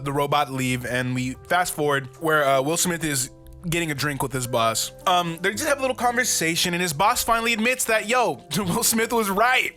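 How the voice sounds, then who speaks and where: A man's voice: on the high side, sharp tone. A young man casually recapping a movie, loose and profane, with lots of fillers and chuckles.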